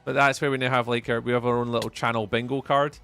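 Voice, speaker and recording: A man's voice: medium pitch, level tone, fast, vocal fry, pushed and bright, faint music behind. A young man with a Scottish accent, chatting casually with his chat while livestreaming a game. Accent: Scottish, Edinburgh area. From Scotland. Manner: chatty, reads chat aloud, repeats phrases. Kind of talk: casual live-stream chat while playing.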